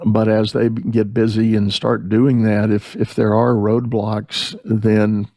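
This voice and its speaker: A man's voice: fairly low pitch, level tone, measured pace, warm tone, no echo. A man hosting a leadership podcast interview, telling a story and acting out the quoted voices. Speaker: podcast host. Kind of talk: conversational interview.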